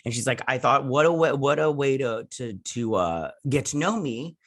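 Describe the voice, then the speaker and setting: A man's voice: medium pitch, normal speed. A man hosting a casual episode review, rambling through the plot with lots of fillers and quoted "he's like" lines. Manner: voices characters' lines in a flat retelling tone.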